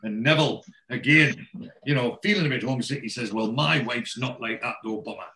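Male host, mid-pitched voice, casual recap, quotes characters' lines, lots of ums and restarts. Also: brisk, pushed and bright. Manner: retells scenes by quoting characters' lines, with frequent ums and restarts.

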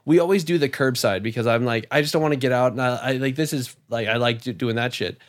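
A man in casual chat, telling an animated story with lots of swearing and filler words. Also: mid-range voice, fast talker. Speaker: podcast guest.

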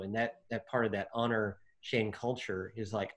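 A man discussing a Bible passage in casual chat, animated, acting out the figures' lines with lots of fillers. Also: lowish voice, moderate pace, few pauses. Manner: animated, acts out quotes, many fillers.

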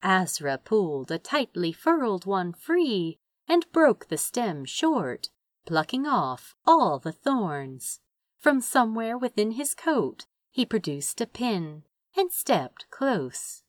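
A woman narrating a story in an unhurried, measured way. Her pitch rises and falls freely as she tells it, and the recording is dry and close with no room sound. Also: big pitch swings, no echo. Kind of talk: audiobook narration.

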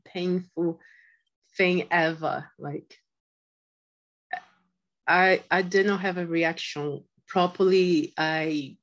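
Woman, slow halting speech, repeats words, emotional storytelling, dull lo-fi sound. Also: medium pitch. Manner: halting, repeats words, acts out quoted voices. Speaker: podcast guest. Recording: dull lo-fi audio.

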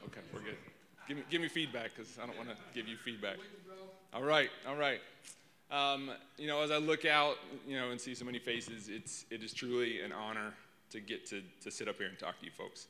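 A man preaches into a handheld microphone, his tone bright and forward. He is openly emotional and self-deprecating. A long reverb from the church hall trails his words. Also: mid-range voice, steady tone, a little fast, a little hiss or hum. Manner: emotional, rambling, self-deprecating, warm to crowd. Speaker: guest preacher. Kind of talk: sermon opening. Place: church sanctuary before a congregation.

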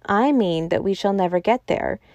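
A woman voicing a calm, cynical male pessimist in a storybook reading, speaking placidly. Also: medium pitch, normal speed, no room sound, natural voice.

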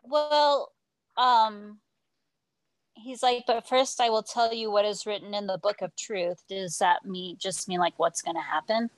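A woman's voice: medium pitch, measured pace, no room sound, low-quality recording. A woman taking part in a casual Bible study discussion, offering her thoughts tentatively. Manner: tentative, hesitant.

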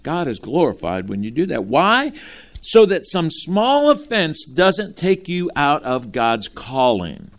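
A man preaching a sermon from Ohio, animated and folksy, calling out to his congregation. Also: a little high, gravelly. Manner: animated, talks straight to the congregation with folksy asides. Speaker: pastor.

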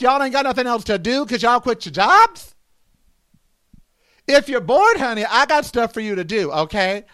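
A man's voice: very high-pitched, expressive, normal speed, pushed and bright, clear, resonant tone, no room sound, clean studio sound. A middle-aged man hosting his own podcast, ranting with sass and exasperation and firing off rhetorical questions to his listeners. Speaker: podcast host. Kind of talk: solo podcast monologue.

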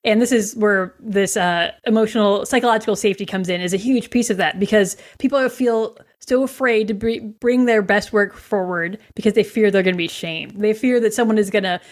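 A woman hosting a podcast, talking about her workplace coaching in a chatty, animated way. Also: a little fast, few pauses. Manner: chatty, animated, acts out quotes in a higher voice. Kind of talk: casual podcast conversation.

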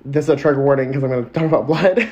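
A young man co-hosting a podcast, chatting casually and teasing his friend with quick interjections. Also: a little high, lively intonation, a crowd in the background. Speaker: podcast co-host. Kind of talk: casual chat. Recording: crunchy lo-fi audio.

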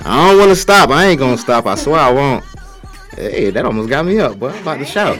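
A loud young man hosting his radio show with big energy. He hypes up the listeners and rattles off shout-outs in a casual way, over faint music underneath. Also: mid-range voice, sing-song, a little fast.

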